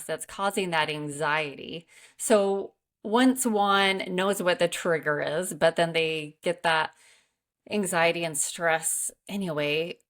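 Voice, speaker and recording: A woman hosting a wellness interview, asking long strung-together questions quickly. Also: fairly low pitch. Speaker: host and wellness coach.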